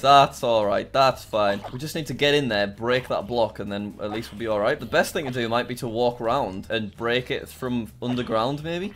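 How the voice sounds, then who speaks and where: A British man talking himself through a video game in casual commentary, jittery and full of sudden exclamations. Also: mid-range voice. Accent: British English. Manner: jittery self-talk, jumpy exclamations. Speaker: gaming YouTuber.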